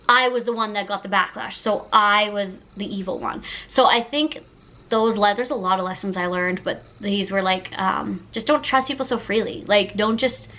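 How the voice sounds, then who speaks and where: A woman's voice: mid-range voice, a bit bright, rough recording. A woman of about thirty talking casually to the camera, emotional and gushing, with many fillers like "like". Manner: emotional, gushing, heavy use of "like". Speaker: YouTuber. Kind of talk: casual sit-down chat.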